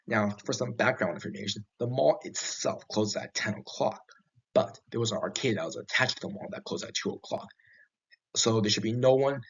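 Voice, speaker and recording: A man telling first-person horror stories in a halting way, restarting often, with a husky voice. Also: lowish voice. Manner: halting, with frequent restarts and fillers. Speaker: horror story narrator. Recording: dull lo-fi recording.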